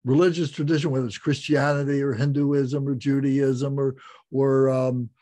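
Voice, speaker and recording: A man giving a Buddhist class talk, explaining slowly and reflectively, repeating phrases and restarting. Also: mid-range voice, flat delivery, warm tone. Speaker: Buddhist teacher.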